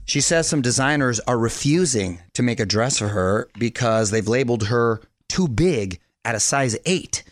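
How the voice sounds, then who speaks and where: A man's voice: medium pitch, moderate pace, few pauses, dry recording, studio quality. Upbeat male radio host. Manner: energetic, chatty, laughs often. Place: radio studio. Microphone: studio microphone.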